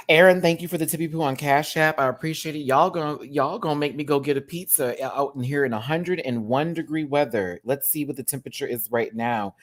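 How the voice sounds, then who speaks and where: A man hosting a casual reaction show, campy and chatty, swinging from loud exclamations to quiet asides and laughing often. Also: a little high, brisk. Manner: campy and chatty, repeats words for emphasis.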